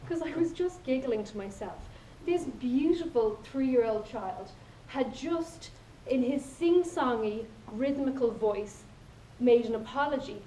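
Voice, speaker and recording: A woman's voice: on the high side, mellow, a little hiss or hum. Playful Irish woman telling stories in a hall. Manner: storytelling, playful, acts out quoted lines. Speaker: contest speaker. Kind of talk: humorous speech. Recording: echoey hall from far off.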